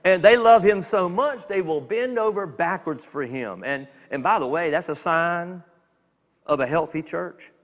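A man preaching a sermon as a minister, talking in a conversational, animated way with quick acted asides. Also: a little high, big-room sound. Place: church sanctuary.

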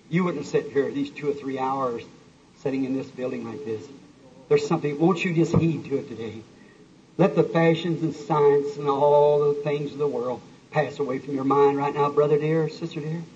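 A man's voice: fairly high pitch, a little mellow, distant mic. A man preaching an altar call to a church crowd, pleading and breaking into a hymn between his appeals. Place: church hall with live audience. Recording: muffled old recording, faint hiss.

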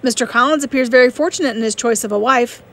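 A woman reading the part of a proud, reserved young gentleman in an audiobook, terse and formal. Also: on the high side, quick pace, close to an everyday voice.

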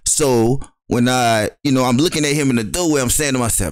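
Animated laughing male storyteller, dry mic. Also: mid-range voice, fairly quick, no room sound. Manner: loud, laughing, acts out voices in his stories. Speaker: podcast co-host.

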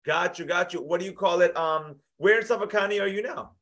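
A man's voice: high-pitched, a little fast, fairly bright tone. A man hosting a live trading show, chatting in a friendly, casual way and often repeating himself. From United States. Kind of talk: casual live-stream chat.

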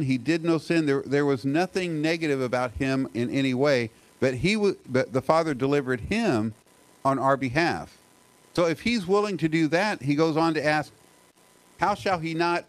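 A middle-aged pastor preaches a sermon in an earnest, conversational manner, posing rhetorical questions, restarting often, and slowing down to stress key phrases. His voice is on the high side, and the recording is rough.

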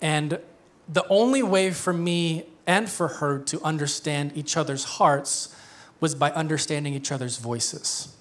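A man in his thirties preaches to his church in a loose, conversational way. His voice sits a little high, and he keeps slipping into jokes and quick laughs between points. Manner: conversational, joking, laughs often. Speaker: pastor. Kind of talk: sermon.

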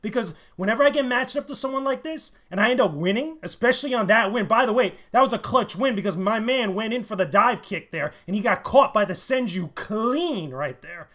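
A man streaming a fighting game live, commentating and trash-talking with loud excited bursts. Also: high-pitched, fairly quick, hardly any pauses.

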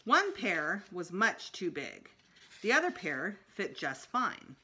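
Woman librarian, storybook read-aloud, expressive, lively pitch, bright voice. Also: takes it slowly. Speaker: school librarian. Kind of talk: reading a children's book aloud.

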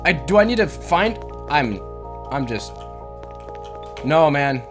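Jumpy let's-play host, shrieky and animated. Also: mid-range voice, slow. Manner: jumpy, shrieks and repeats words in panic. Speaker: gaming channel host. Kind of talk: panicked let's-play commentary. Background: game music.

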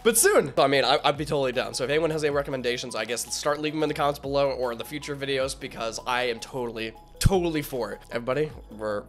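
A slightly hoarse man giving casual, rambling, enthusiastic commentary as a reaction video host. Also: medium pitch, rapid-fire, hardly any pauses, fairly bright tone, soft background music. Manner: rambling, filler-heavy, enthusiastic.

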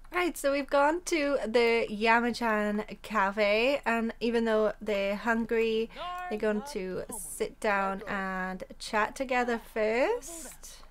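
A young woman hosting a gaming channel, chatting casually through a life-sim playthrough and laughing easily. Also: a little high. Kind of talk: casual let's-play narration.

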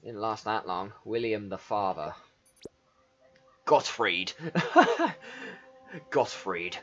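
A man's voice: fairly low pitch, big pitch swings, very slow, a bit bright, muffled recording. Swearing man playing a game. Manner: swears a lot, reads game text aloud and reacts. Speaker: gaming video creator. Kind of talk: casual let's play commentary.

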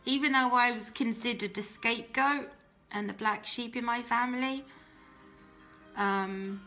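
A woman's voice: a little high, measured pace, pushed and bright, faint music behind. A woman telling her personal faith testimony in an earnest, emotional way, often restarting her sentences. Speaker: testimony speaker.

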